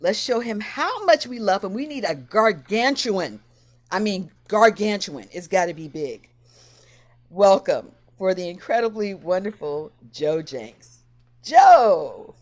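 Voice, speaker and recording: A woman's voice: mid-range voice, expressive, measured pace. A woman hosting a livestream over a video call, greeting viewers by name with effusive exclamations. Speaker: host.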